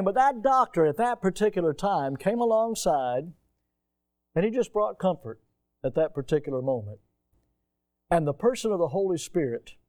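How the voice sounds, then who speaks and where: High-ish voiced middle aged pastor guy preaching, drags out the big words for emphasis. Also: a little mellow. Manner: emphatic preaching, stretching key words slowly. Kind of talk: sermon with personal story.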